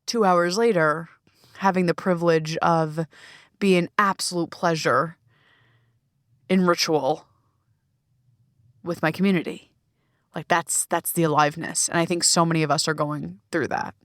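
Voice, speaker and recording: A lowish-voiced woman talks at a measured pace, pausing often, in a solo monologue for the podcast and coaching business she hosts. She is candid, profane, emphatic and expressive. Though made in a small closet, the recording has no echo and clean studio sound.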